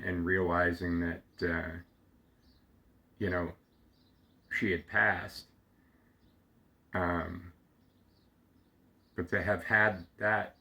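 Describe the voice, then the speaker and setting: A man slowly telling a heartfelt personal story, halting often with fillers and restarts, close to tears at times. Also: deep voice, sharp tone. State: getting emotional. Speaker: storyteller sharing a personal memory. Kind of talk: reflective personal monologue.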